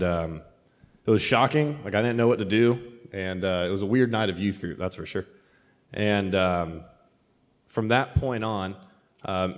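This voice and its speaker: A man who is a youth pastor, giving a personal testimony in a plain, halting way. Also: sits low, in a large hall.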